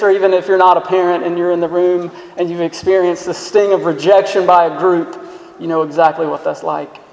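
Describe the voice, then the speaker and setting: A man's voice: high voice, darkish tone. A man preaching a sermon as a pastor, earnest and emphatic, asking the listeners questions. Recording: echoey hall sound.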